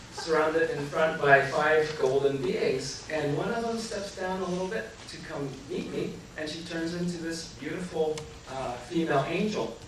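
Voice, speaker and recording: High-voiced man telling a story, echoey hall. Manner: animated, laughing often, acts out what people said. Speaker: speaker telling a personal story to an audience. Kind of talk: humorous live storytelling. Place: large echoey hall with a live audience. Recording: echoey hall from far off, audience audible.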